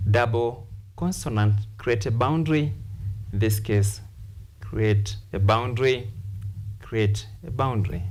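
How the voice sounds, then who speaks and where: A man teaching an English lesson on word stress, explaining slowly and repeating key points for his class. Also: medium pitch, darkish tone, slight background noise. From Kenya. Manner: slow, repetitive, deliberate explanation.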